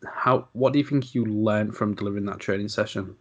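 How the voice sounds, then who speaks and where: A man hosting a casual interview, asking long, rambling questions in a relaxed way. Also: on the low side, brisk, lo-fi sound. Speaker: podcast host.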